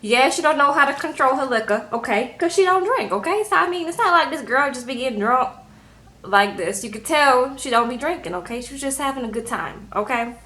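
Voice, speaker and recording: A woman's voice: high voice, brisk. A woman, recapping a reality show in casual talk and acting out the people's lines with sass, tagging "okay?" onto her sentences. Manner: animated, sassy, frequent "okay?" tags.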